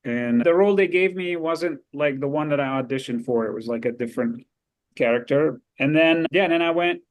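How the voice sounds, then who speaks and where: Animated, higher-pitched male guest storyteller. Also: a little fast. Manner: lively, animated storytelling with frequent laughs. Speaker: guest actor. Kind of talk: casual anecdote telling.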